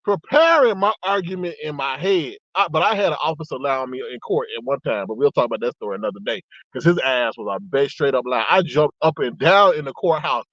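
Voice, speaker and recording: High-voiced animated storyteller man. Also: fairly quick, hardly any pauses, no echo, dull audio. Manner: animated, acts out both sides with excited high jumps. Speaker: host telling a story to viewers. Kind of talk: casual storytelling to a live audience.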